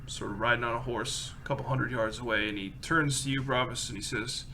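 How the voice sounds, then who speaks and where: A man's voice: mid-range voice, fairly even intonation, fairly quick, sharp tone, a little hiss or hum. A man narrating a tabletop game as game master, casual and full of fillers.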